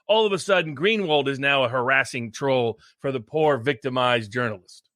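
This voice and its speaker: American guy co-hosting, really bright sharp voice, kinda high, dry close mic. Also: moderate pace, no echo. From United States. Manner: curious, asks questions. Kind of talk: casual podcast chat.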